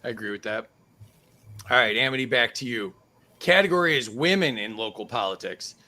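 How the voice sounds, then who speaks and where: A man's voice: mid-range voice, a little fast, sharp tone. A man hosting a casual live-streamed game show over a video call, laughing easily between questions.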